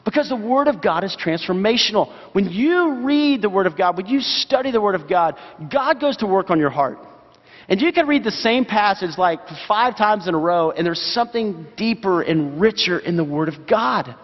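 In a church sanctuary, a pastor preaches a sermon earnestly and puts direct questions to his listeners. His voice is high-pitched and animated at a moderate pace, and the recording sounds dull with long hall reverb.

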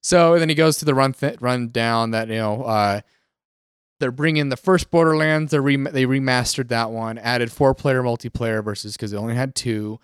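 A man, co-hosting a casual gaming podcast and retelling events in an animated way. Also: mid-range voice, normal speed, clean tone, no echo, clean studio sound. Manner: animated storyteller, acts out quotes. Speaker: podcast co-host.

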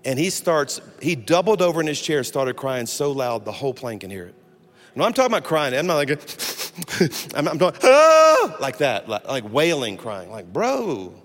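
A man preaching as a pastor, telling a funny personal story in an animated way and breaking off to restart his sentences. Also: medium pitch, a little fast. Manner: animated, humorous, self-interrupting storyteller. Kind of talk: storytelling sermon. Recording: long hall reverb with faint music.

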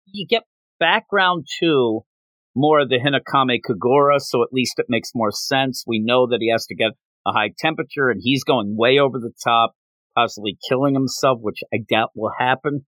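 Animated man retelling a manga chapter. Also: normal speed, dry recording. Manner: animated retelling with big pitch jumps. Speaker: podcast co-host. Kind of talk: casual manga discussion.

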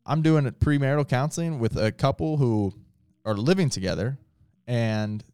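A man's voice: mid-range voice, moderate pace, darkish tone, smooth, no room sound, studio quality. A man who is a pastor, talking casually and earnestly with lots of filler words. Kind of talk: casual podcast talk.

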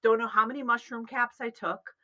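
A woman's voice: on the high side, a little fast, low-quality recording. A woman in casual chat, animatedly telling a long personal story and acting out the voices of the people in it. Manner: animated, acts out quoted voices, laughs through lines.

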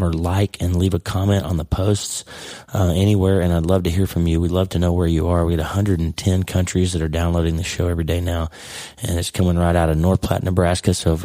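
A middle-aged man hosts his podcast with a hoarse, worn-out voice that crackles with gravel. He talks earnestly and rambles, often restarting his sentences. His tone is low and dark, and the recording is dry and close. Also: dry recording. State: hoarse, lost voice. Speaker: podcast host. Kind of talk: casual podcast monologue.

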